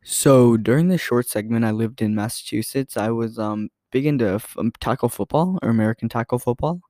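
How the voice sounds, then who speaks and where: A man's voice: medium pitch, brisk, darkish tone, no echo. Young male podcaster, rambling casual storyteller, dry recording. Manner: rambling, filler-heavy, self-correcting. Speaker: podcast host.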